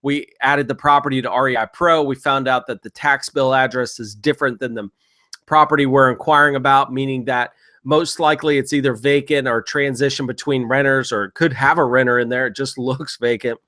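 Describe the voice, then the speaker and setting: A man walking viewers through real estate software in a screen-share tutorial, talking casually and coaching them through sample phone calls. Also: medium pitch, steady tone, a little fast.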